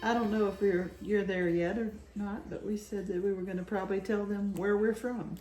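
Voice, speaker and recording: Woman in her fifties, chatty vlog co-host, mid-pitched voice, echoey room. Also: fairly even intonation, music in the background. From Fredericksburg, Virginia. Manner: chatty, chiming in with quick remarks. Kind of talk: casual chat.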